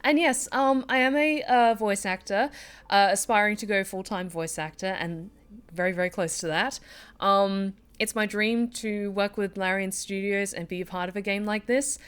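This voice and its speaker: A woman's voice: medium pitch, moderate pace, clear, resonant tone. A woman voice actor chatting on her live stream in a giggly, chatty way. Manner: giggly, chatty, warm-hearted. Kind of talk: casual live-stream chat.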